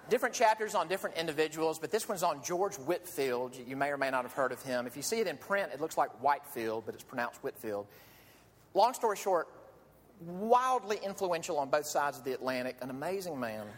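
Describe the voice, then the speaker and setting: A man's voice: medium pitch, slight background noise. A man preaching a sermon as a pastor, earnest and pleading, asking his listeners question after question. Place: church sanctuary. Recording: long reverb of a large hall.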